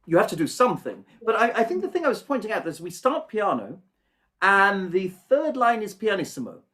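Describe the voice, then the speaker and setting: Over a video call, a man teaches an online singing masterclass, gentle and thoughtful, hunting for words and humming rhythms as demonstrations. His voice sits high with huge pitch swings, and he talks fairly quickly.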